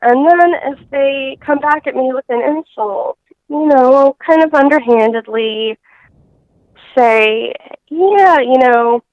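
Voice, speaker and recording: Heard over a phone line with no echo, a high-pitched woman appears as a guest in a casual interview. She speaks haltingly, with plenty of fillers and restarts.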